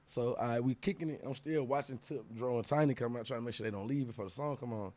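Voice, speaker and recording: A young man, a guest musician, telling an animated story in a casual interview, full of profane street slang. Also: mid-range voice, fast, few pauses.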